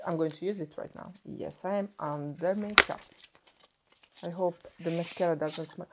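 A woman's voice: fairly low pitch, noisy background. Gushing woman unboxing beauty products. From Sweden. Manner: gushing, excitable, pauses and restarts as she unwraps. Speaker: beauty vlogger.

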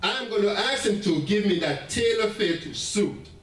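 A man preaching a sermon as pastor, animated, with laughing asides and stammering restarts. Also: high-pitched, moderate pace. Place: church sanctuary. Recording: echoey church room heard from a distance.

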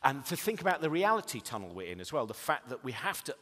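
A man, a comedian telling comic stories in a talk, animated and acting out voices. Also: mid-range voice, fast talker. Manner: animated, acts out voices, rising to loud laughing bursts. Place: stage in a lecture hall. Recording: long reverb of a lecture hall.

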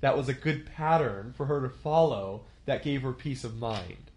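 A man's voice: mid-range voice, normal speed, a little mellow. A man in his thirties teaching a church leadership class in a conversational way, asking the class questions and acting out quotes.

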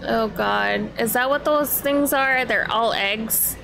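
Excitable high-voiced woman streamer. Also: takes it slowly, gravelly, slight background noise. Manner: excitable, swears often, talks to the game. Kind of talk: live video game streaming.

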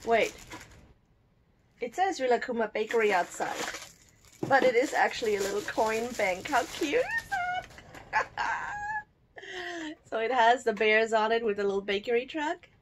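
A woman's voice: fairly high pitch, moderate pace, noisy background. A woman from Germany chatting casually as she unboxes a subscription box at home, cooing over the cute items and giggling often. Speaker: unboxing vlogger.

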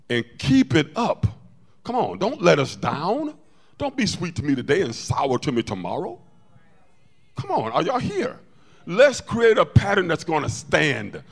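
Animated preaching man, lively swinging pitch. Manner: animated preaching, storytelling with call-outs to the congregation. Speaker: pastor. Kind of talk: sermon.

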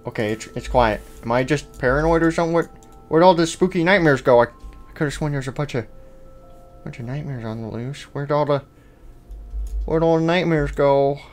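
A man's voice: fairly high pitch, moderate pace, pauses often, soft background music. A man playing a game roleplay in character, muttering to himself and breaking into panicky outbursts. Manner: jumpy, panicky outbursts between nervous mumbling. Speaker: roleplay video host.

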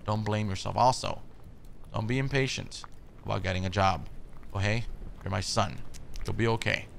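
A man's voice: fairly low pitch, fairly even intonation, normal speed, creaky, slight background noise, voice pushed down. A man reading out a caring mother's message to her son in his own plain voice. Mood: gentle. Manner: plain reading of on-screen text.

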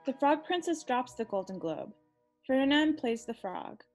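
Teen girl calmly reading stage directions, slightly high voice, faint music. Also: moderate pace. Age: teens.

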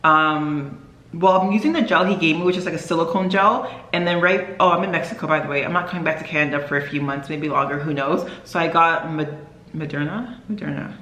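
A woman's voice: low voice, fairly even intonation, fast, pushed and bright. Chatty young woman vlogging in echoey room. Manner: rambling, chatty, many fillers and self-corrections. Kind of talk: casual vlog chat to camera.

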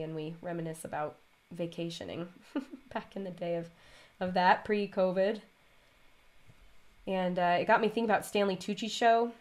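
A woman hosting her stitching vlog, chatting casually and rambling off on tangents while she stitches. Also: lowish voice. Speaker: vlog host and cross-stitch designer.

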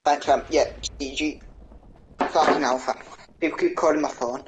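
A man's voice: on the high side, fairly even intonation, normal speed, background noise. A young man, talking into a phone in street slang, flipping between pleading and acting tough in a comic prank skit. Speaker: prankster answering calls.

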